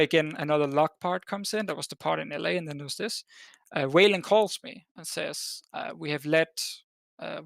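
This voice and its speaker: The Danish esports caster, a podcast guest, rambles through a long story in a casual chat, stuffed with fillers and restarts. His voice is on the high side, gravelly and a bit bright, with no room sound.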